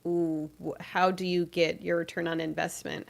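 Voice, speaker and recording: Female podcast co-host, lower voice, chatty and explanatory. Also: level tone, normal speed, gravelly. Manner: chatty, laughs easily, explains news step by step. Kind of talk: casual chat.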